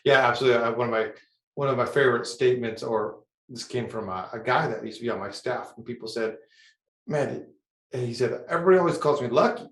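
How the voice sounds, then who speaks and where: A man's voice: mid-range voice, fairly even intonation, a little fast, a bit bright. A man hosting a podcast interview, chatting in a friendly way, affirming his guest and asking open questions. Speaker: podcast host. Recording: echoey room.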